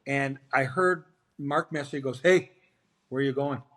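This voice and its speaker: A middle-aged man with a mid-range, slightly slow voice is a guest on an interview show. The former hockey player tells animated anecdotes in a casual way, acting out the quoted dialogue of the people in them.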